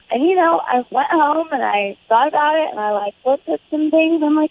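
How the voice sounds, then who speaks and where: A woman's voice: sits high, expressive, fairly quick, hardly any pauses, dry recording. Accusing American woman on the phone. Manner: indignant, accusing. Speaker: caller. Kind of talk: casual phone chat. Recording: tinny phone line.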